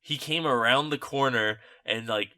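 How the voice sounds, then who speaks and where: Rambling young guy, bright voice. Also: mid-range voice, moderate pace. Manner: rambling storyteller, heavy filler "like", swears casually. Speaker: podcast host. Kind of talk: casual chat.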